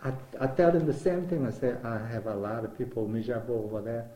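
A man's voice: medium pitch, quick pace. Older Vietnamese-accented man telling stories. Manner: animated, acts out remembered dialogue, repeats words while searching. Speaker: interviewee. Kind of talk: storytelling in conversation. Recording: roomy echo.

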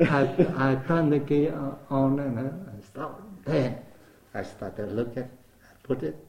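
An older man speaking non-native English with simple grammar, telling his life story as an interviewee in a lively way. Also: medium pitch, a little slow, creaky, reverberant, crowd noise, low-quality recording. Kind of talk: oral history storytelling.

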